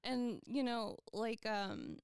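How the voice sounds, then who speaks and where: A young woman co-hosting a podcast, telling a story in casual chat, animated, laughing often and swearing freely. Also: fairly high pitch, takes it slowly, gravelly, clear, resonant tone, no room sound. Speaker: podcast co-host.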